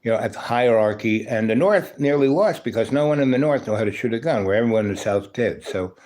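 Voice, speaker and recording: A man's voice: mid-range voice, animated, fast talker, darkish tone. A man hosting a livestream, telling a long rambling story from his school days, peppered with "you know" and "right?". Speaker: livestream host.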